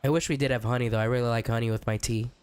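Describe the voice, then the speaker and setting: A young man streaming a game who is sick and sounds rough. He chats casually, reads chat aloud and jokes with viewers. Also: medium pitch, fairly even intonation, very fast, a little mellow, dry recording. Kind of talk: casual chat while gaming.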